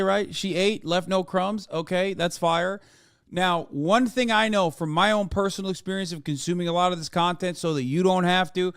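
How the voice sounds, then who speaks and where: Male streamer from the US, reacting to clips, profane, sarcastic, animated, fairly high voice, smooth and clean, dry close sound. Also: no room sound. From United States. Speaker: streamer and political commentator.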